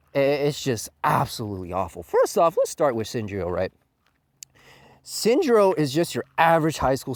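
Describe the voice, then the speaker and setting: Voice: mid-range voice, a little mellow, no room sound. A manga reviewer ranting casually, profane and scornful, tossing in "man" at nearly every turn. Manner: profane, scornful, says 'man' constantly.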